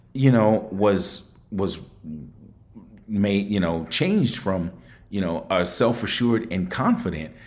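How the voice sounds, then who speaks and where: A man with a fairly low voice hosts a call-in show in a casual, chatty manner. He thinks aloud, turning his words over reflectively and often circling back to repeat himself. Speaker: show host.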